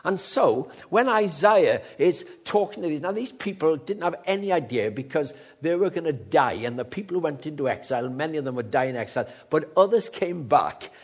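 Older male preacher, husky, narrating testimonies with big swings from soft to loud. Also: a little high, animated, fairly quick, hardly any pauses. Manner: storytelling, swings from hushed to loud and emphatic. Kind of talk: sermon.

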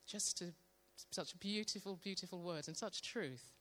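Woman sharing devotional testimony, slow and meditative in delivery. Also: fairly low pitch. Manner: slow, calm, soft-spoken, meditative. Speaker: church member sharing testimony. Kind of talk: devotional testimony with guided prayer.

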